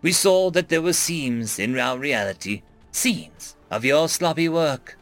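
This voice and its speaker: A man voicing a cold, taunting female android that speaks in a stilted, synthetic way, slow and mocking. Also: fairly high pitch, expressive, fairly bright tone, soft background music.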